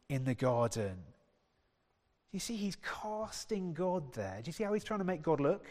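A male preacher giving a conversational sermon, reading scripture and putting questions to the congregation. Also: sits high. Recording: long hall reverb.

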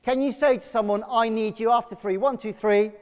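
A man preaching a sermon to his congregation, energetic and leading them in call-and-response. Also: high-pitched, brisk, smooth. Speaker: pastor. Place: church. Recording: long reverb of a church hall.

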